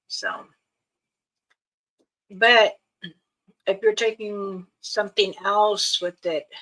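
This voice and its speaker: A woman hosting a casual livestream, giving slow, loosely strung warnings and advice to her viewers. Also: fairly low pitch, sharp tone, rough recording. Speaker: livestream host.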